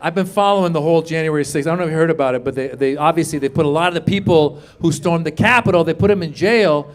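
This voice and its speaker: A man performing a stand-up comedy set, energetic, jumping to loud shouted punchlines and acted voices. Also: fairly high pitch, quick pace. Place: comedy stage with a live audience. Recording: live club recording, audience laughter and faint noise.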